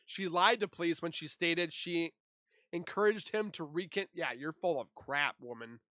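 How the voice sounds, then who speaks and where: Sarcastic high-voiced man commenting. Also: normal speed, bright, forceful tone, dry recording, clean studio sound. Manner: sarcastic, scornful asides. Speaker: true crime YouTuber. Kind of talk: casual commentary reading a timeline.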